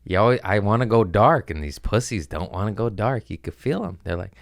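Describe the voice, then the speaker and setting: A man's voice: on the low side, expressive, a little fast, creaky, few pauses, dry recording, studio quality. A man hosting a podcast, rambling through a profane, self-mocking comedic monologue in casual chat. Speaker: podcast host.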